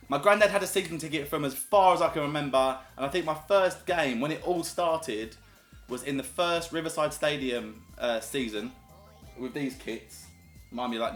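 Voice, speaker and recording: A YouTuber from southern England, this man has a medium-pitched, fairly bright voice and a southern English accent. He chats casually to camera in an upbeat storytelling style. The room is echoey, with faint music in the background.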